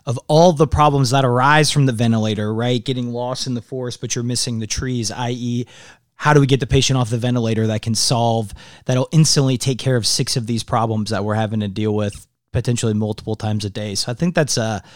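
A man's voice: medium pitch, fairly even intonation, a little fast, no room sound. Man hosting, encouraging, with a close, dry sound. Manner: affirming, encouraging, asks reflective questions. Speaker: podcast host. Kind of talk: interview conversation.

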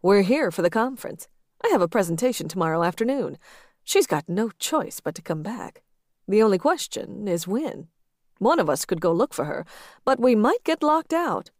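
A woman's voice: medium pitch, very animated, normal speed, a little mellow, no echo, clean studio sound, lightly acted. A woman reading the part of a bold married man who coaxes and teases his partner in an audiobook. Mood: coaxing.

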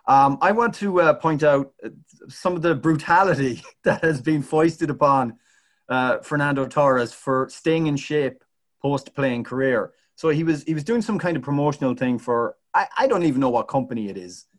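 A man's voice: a little high, animated, normal speed. A man co-hosting a casual sports podcast, bantering in a wry, joking way. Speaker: podcast co-host.

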